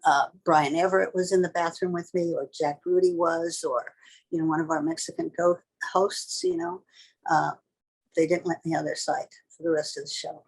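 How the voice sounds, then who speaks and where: A woman's voice: lowish voice, expressive, moderate pace, gravelly, husky, rough recording. An older woman, a tattoo artist, telling a vivid story in a blunt, casual and sometimes profane way.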